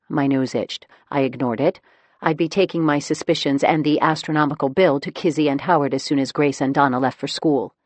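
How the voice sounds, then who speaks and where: A woman narrating an audiobook in the first person, telling the story in a wry, measured way. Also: deep voice, fairly even intonation, darkish tone, dry recording.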